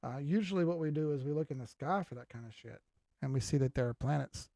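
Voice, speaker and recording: Quick and creaky, his warm voice a little high, an older man chats loosely on a crypto livestream, profanity included, while going through viewer comments. It's a clean studio recording without room sound.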